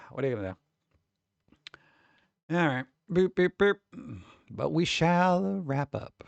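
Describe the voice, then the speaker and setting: A man's voice: fairly high pitch, big pitch swings, slow, vocal fry, pauses often, no echo, muffled recording. A man streamer chatting casually and rambling with his live chat, swearing freely and talking straight to his viewers.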